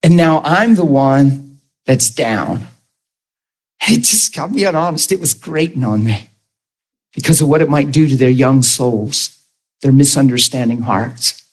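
A man's voice: mid-range voice, animated, measured pace, darkish tone, breathy edge, poor audio. A man preaching an earnest testimony sermon, talking to his audience directly and conversationally.

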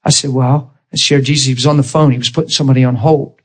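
A man's voice: medium pitch, fairly even intonation, fast, husky. A man preaching a sermon, acting out both sides of conversations as he tells stories.

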